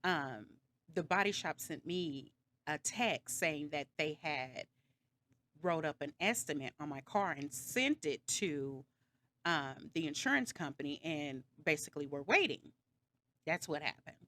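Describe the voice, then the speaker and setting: A woman's voice: low-pitched, lively intonation, measured pace, pushed and bright, slight background noise. A woman vlogger telling a story in a casual, rambling way, slightly dramatic and sarcastic, backtracking often with lots of fillers.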